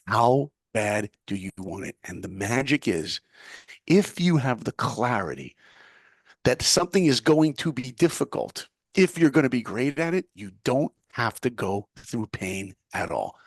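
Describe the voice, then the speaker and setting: This middle-aged guest from New York spins a lively, motivational tale with punch, performing the voices of the people he quotes. His medium-pitched delivery is expressive and measured in pace. The sound is studio-clean and echo-free.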